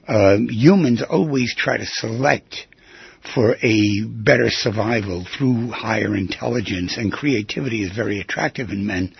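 A man hosting call-in radio, with a husky, very gravelly voice and a lively, swooping delivery. He talks in a rambling, chatty, jokey way. The sound is dull and lo-fi, like a radio broadcast. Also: mid-range voice, no echo. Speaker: radio talk show host.

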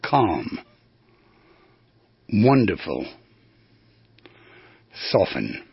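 A male radio host with a gravelly, deeply husky voice explains how to speak with feeling. He talks in a lively, meandering way, stopping and restarting as he shows off different tones. The sound is dry and a little dull, like an old lo-fi broadcast. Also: very slow, dry recording. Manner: animated, demonstrates vocal tones, rambling with restarts. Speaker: radio talk show host. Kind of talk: instructive radio talk.

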